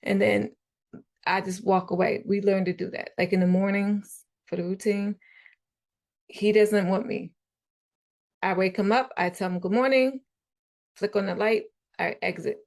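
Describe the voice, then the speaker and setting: Casual podcast guest: woman with a gravelly voice, chatty and animated. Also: medium pitch, normal speed. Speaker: guest parent.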